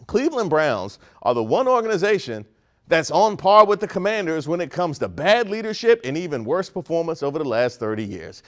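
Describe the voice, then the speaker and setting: A man from Maryland hosting a comedic news segment, delivering wry, sarcastic commentary. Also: on the high side. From Prince George's County, Maryland, US.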